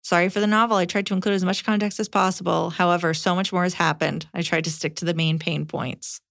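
A woman's voice: lowish voice, flat delivery, quick pace, gravelly, fairly bright tone. Emphatic, opinionated woman co-host. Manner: emphatic, opinionated, jumps into side remarks. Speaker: podcast co-host. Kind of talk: reading a letter aloud, then casual chat.

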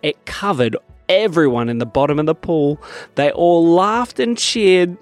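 A man narrating a children's bedtime story in a lively, animated way. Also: on the high side, unhurried, faint music behind. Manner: lively storytelling that swings from bright to hushed.

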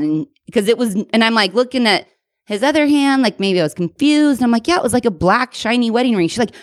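A woman in her thirties co-hosting a casual podcast, telling stories with a wildly lively voice that jumps high and drops low. She fills her sentences with "like" and swears easily. The sound is close and dry, with no room echo. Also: fast talker. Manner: animated storytelling, lots of "like" and swearing. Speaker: podcast co-host. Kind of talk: casual chat.

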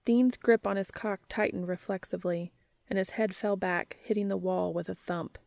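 A woman narrating an amateur audiobook reading in a soft, intimate storytelling manner. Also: medium pitch, fairly even intonation, moderate pace, creaky, dry recording.

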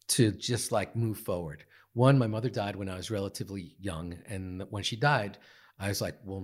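A man guest on a podcast, telling a personal story in an earnest, halting way with many fillers and restarts. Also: on the low side. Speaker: guest, meditation teacher. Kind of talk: reflective storytelling. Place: podcast studio.

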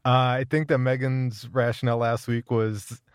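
A man's voice: mid-range voice, level tone, moderate pace, clear, resonant tone, no echo, studio quality. A young man from Minnesota with a Minnesotan accent, co-hosting a podcast in casual, rambling chat and laughing often. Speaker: podcast co-host.

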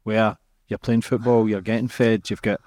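A man's voice: fairly low pitch, flat delivery, normal speed, a little mellow, dry recording, studio quality. A man hosting a podcast interview, asking sympathetic, reflective questions. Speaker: podcast host.

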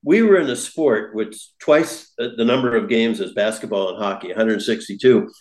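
A man's voice: fairly low pitch, normal speed, roomy sound. An older man, a former baseball broadcaster, telling stories in a chat and laughing easily. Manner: warm storyteller who laughs easily. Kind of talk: storytelling in a podcast chat.

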